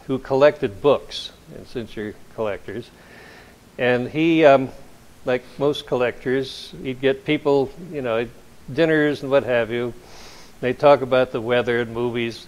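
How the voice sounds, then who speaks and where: A man's voice: mid-range voice, darkish tone. A man, an author, speaking to a convention audience and telling rambling anecdotes, chuckling between stories.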